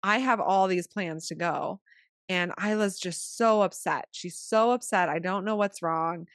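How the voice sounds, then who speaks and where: A woman co-hosting a podcast, a new mother telling a story in a casual, chatty way, full of "like" and swinging between hushed and excited. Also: on the low side, unhurried, no room sound, clean studio sound. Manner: chatty, fills speech with "like"; animated, shifting from hushed to excited. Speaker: podcast co-host.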